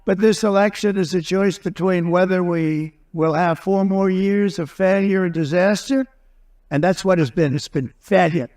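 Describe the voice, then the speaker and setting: At a moderate pace and with a steady, slightly mellow tone, this male candidate speaks in a raised, fairly high voice through a rambling rally speech. His points wander, phrases get repeated and stacked, and he remains confident and combative.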